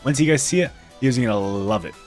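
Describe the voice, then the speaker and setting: A man's voice: mid-range voice, expressive, fairly quick, darkish tone, soft background music. Playful man narrating his game build. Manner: playful, self-mocking, giggly asides. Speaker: gaming video creator. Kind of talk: casual game commentary.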